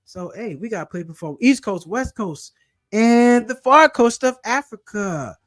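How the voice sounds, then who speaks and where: Young guy closing out his livestream, real high voice, keeps shouting out cities from the chat. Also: lively intonation, a little slow. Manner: hyped, repetitive shout-outs to viewers. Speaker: livestream host. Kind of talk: casual livestream sign-off.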